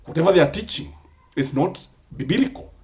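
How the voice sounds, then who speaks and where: A man's voice: on the high side, expressive, a little fast, a little mellow. Kenyan man, emphatic, rising and falling delivery, public commentary. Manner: rhetorical questions, emphatic, mixes in Swahili sayings.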